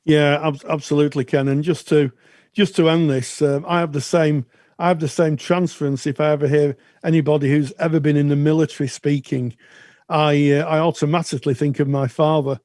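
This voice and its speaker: A man co-hosting a counselling podcast, speaking thoughtfully with frequent pauses and restarts. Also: a little high, fairly even intonation, a little mellow, no room sound, studio quality. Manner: thoughtful, halting with many restarts. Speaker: podcast co-host. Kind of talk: casual chat.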